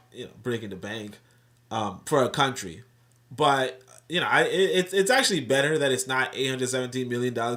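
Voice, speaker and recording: A man's voice: medium pitch, sharp tone. A man hosting a live stream, talking casually in a rambling, profane and self-correcting way. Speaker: livestream host. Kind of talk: casual unscripted commentary.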